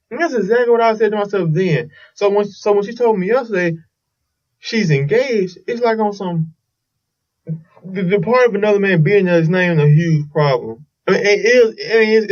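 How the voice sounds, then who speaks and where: Guy rambling thru a story on his podcast, bit high voice, kinda muffled lo-fi. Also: a little fast, recorded from a distance. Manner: rambling storytelling with restarts and swearing. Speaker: podcast host. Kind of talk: casual solo podcast monologue.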